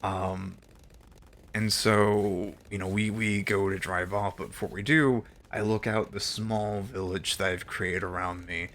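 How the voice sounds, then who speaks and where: A man's voice: deep voice, fairly even intonation, measured pace, a bit bright. A young man streaming, telling a story casually with exasperated, profane asides.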